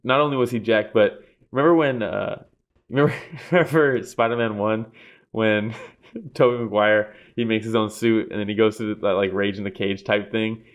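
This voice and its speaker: A man co-hosting a casual sports podcast, telling stories in an animated way, laughing often and swearing freely. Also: fairly low pitch, normal speed. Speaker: podcast co-host.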